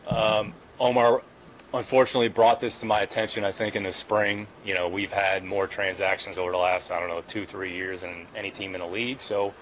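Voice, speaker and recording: Gm at a presser, talks quick, fairly low voice, careful and guarded, lots of stock phrases. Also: male voice, flat delivery, fairly bright tone, a little hiss or hum, rough recording. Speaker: team general manager. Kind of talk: press conference answers.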